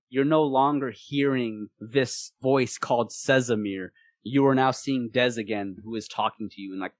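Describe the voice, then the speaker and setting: Brief: man, game master for a tabletop game, lively narration, stumbles and repeats, dry voice-chat sound. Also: mid-range voice, dry recording. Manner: animated, repeats words, laughs easily.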